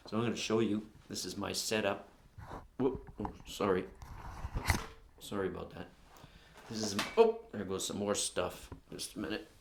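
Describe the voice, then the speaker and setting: A man's voice: lowish voice, steady tone, moderate pace, creaky, long pauses, background noise. A man, a songwriter, talks casually and rambles through how he writes his songs, filmed in his home music room. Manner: rambling, often says "anyway" and "blah, blah, blah". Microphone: camera unit on a chair.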